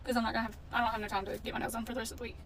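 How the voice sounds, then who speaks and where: A woman's voice: fairly high pitch, flat delivery, very fast, a bit bright. A woman in a casual storytime vlog, telling a story in a blunt, indignant way and swearing freely. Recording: distant mic with faint background noise.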